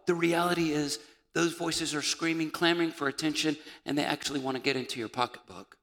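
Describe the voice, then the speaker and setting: A man preaching a sermon as pastor, building from quiet reflection to fervent shouting. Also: a little high, fairly even intonation, brisk. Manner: impassioned preaching, rising to shouts. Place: church sanctuary. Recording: reverberant church hall.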